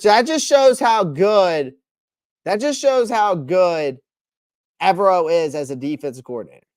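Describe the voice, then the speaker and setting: A man's voice: a little high, a little mellow, no echo, studio quality. A man hosting a casual live stream, answering chat by name with strong opinions and frequent restarts.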